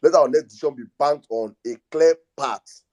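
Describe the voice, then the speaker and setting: A man leads a live online audio room. His voice sits a touch high but sounds mellow and dark. He speaks in a soothing, repetitive way. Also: normal speed. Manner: soothing, repeats calming phrases. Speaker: host. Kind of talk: live audio space discussion.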